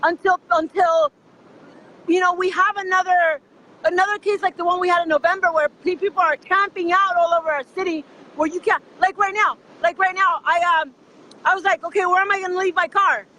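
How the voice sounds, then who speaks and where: A man's voice: extremely high pitch, fairly even intonation, normal speed, sharp tone, poor audio. A man hosting a casual live-stream conversation, rambling and repeating his phrases as he talks. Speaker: host.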